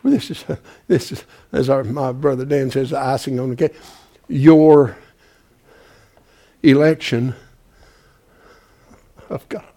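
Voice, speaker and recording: A man preaching a folksy sermon, calling out to his congregation and swinging from loud to hushed. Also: medium pitch, steady tone, slow pace, pauses often.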